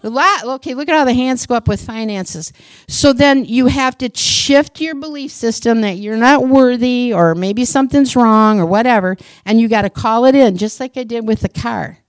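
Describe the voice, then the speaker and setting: A woman's voice: fairly high pitch, normal speed, no echo, clean studio sound. A woman preacher giving a sermon, earnest, repeating phrases for emphasis and telling stories.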